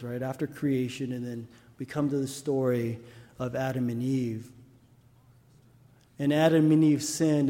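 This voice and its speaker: A man's voice: fairly high pitch, darkish tone, big-room sound. A male pastor preaching a sermon, telling stories and asking the congregation rhetorical questions.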